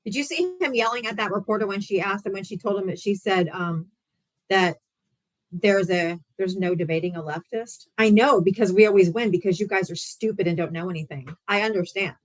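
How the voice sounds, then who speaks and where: Speaking fairly quickly in a medium-pitched voice, a woman hosts a political debate livestream from her home setup and addresses viewers directly. She vents in a loose, profane, scornful way, keeping a heated, mocking edge throughout her rant.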